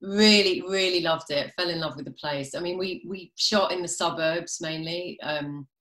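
Low-voiced chatty British woman. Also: normal speed, a bit bright, reverberant. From England. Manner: chatty, self-deprecating, laughs often. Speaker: guest actress. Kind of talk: casual chat. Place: home during quarantine, video call.

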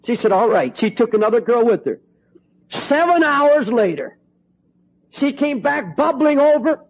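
Impassioned preacher, high voice, lo-fi. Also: male voice, very animated, measured pace. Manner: impassioned, swings from hushed to ringing. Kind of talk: storytelling sermon. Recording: dull lo-fi recording.

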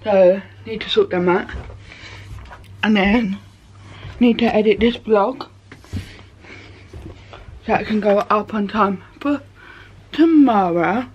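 Girl doing a chatty bedroom vlog, unhurried, kinda muffled lo-fi sound. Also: medium pitch, darkish tone, a little hiss or hum. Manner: rambling, loose and chatty. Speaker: vlogger. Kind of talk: casual vlog chat. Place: bedroom at home. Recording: dull lo-fi home recording.

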